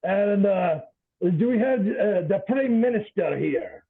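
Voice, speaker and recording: A man's voice: high-pitched, lively intonation, slow, slightly rough. A man acting as secretary and taking attendance, talking in a hesitant, joking way with lots of fillers over call audio. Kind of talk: casual meeting roll call with pirate jokes. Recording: tinny phone-like call audio.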